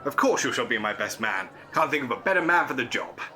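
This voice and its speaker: An actor playing an eccentric, jolly English gentleman adventurer in a comic radio play, plummy and prone to chuckling. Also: medium pitch, very animated, quick pace, soft background music. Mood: playful.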